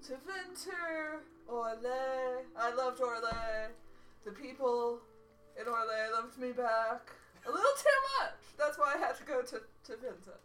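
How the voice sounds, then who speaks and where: A woman's voice: on the high side, fairly bright tone, faint music behind. A woman playing a smug flirtatious swordsman. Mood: boastful. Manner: boastful, slow theatrical delivery. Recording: echoey room, far from a single mic.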